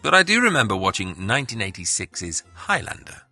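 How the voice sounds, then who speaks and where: Wry male podcast host, bright lively voice. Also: fairly low pitch, a little fast, faint music behind. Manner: wry, mock-exasperated. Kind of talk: scripted narration.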